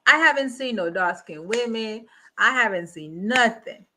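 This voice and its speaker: Bright-voiced incredulous woman reviewer. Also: fairly high pitch, expressive, normal speed, a little hiss or hum. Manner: blunt, incredulous, repeats rhetorical questions. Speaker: reaction host. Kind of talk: casual live review commentary.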